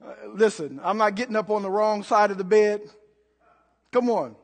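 A man's voice: sits high, moderate pace, in a large hall. A man preaching a sermon as a pastor, emphatic and rousing, calling out to the congregation in a church. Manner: emphatic, call-and-response exhortation.

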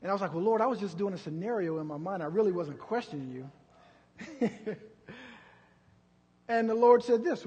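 Husky high-voiced preacher in a big hall. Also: male voice. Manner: shifts from quiet storytelling to loud slow preaching. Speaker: pastor. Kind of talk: sermon.

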